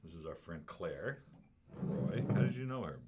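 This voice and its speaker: A man's voice: low-pitched, big pitch swings, moderate pace, very noisy. A man hosting a wine tasting show, chatting casually and telling rambling, enthusiastic stories about wines and importers.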